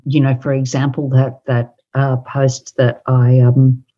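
A woman and author talking casually on a podcast, thoughtful and hesitant with many pauses and fillers. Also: rumbling low, little pitch movement, dark tone, muffled recording. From Australia. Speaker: author and guest.

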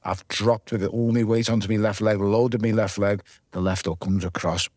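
Guest: low-voiced man with a Liverpool accent, vivid swearing storyteller, dry close sound. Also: steady tone, moderate pace, a little mellow, dry recording. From Liverpool, England. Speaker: guest, former boxer. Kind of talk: casual podcast interview.

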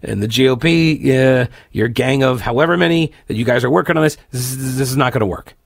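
A man hosting a political talk radio show, giving animated, exasperated commentary with many fillers and restarts. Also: medium pitch, fairly quick, creaky, dry recording, clean studio sound.

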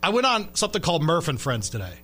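Laughing, lively sports radio host man. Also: fairly high pitch, fast talker, breathy edge. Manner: laughs often, loose and rambling. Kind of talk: casual sports radio chat.

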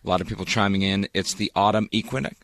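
A man's voice: lowish voice, level tone, quick pace, a bit bright. A man hosting a morning radio show, chatty and jokey, talking into a studio mic. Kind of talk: casual morning radio banter.

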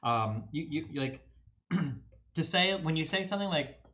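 A man guesting on a podcast, explaining and arguing a point quickly and confidently. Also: fairly high pitch, expressive, fairly bright tone. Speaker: guest commentator. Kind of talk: casual podcast discussion.

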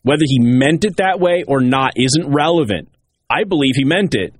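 A talk show host delivering political commentary in an emphatic way, hammering key points by repeating them. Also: male voice, mid-range voice, animated, normal speed, husky.

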